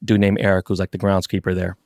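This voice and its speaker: Male co-host, low voice, excitable profane storyteller, dry close mic. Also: fast, creaky, no echo. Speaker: podcast co-host. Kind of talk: casual chat.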